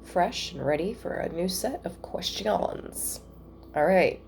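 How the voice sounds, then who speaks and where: A woman giving a casual spiritual reading at home, chatty and thinking out loud with soft asides. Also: fairly low pitch, expressive, slow, a little hiss or hum. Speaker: tarot reader.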